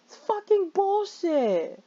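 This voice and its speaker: A woman's voice: very high voice, big pitch swings, slow pace, dark tone, muffled recording. A young woman playing a horror game, reacting with panicky swearing and frequent shrieks. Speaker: let's play gamer. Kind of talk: let's play reaction commentary.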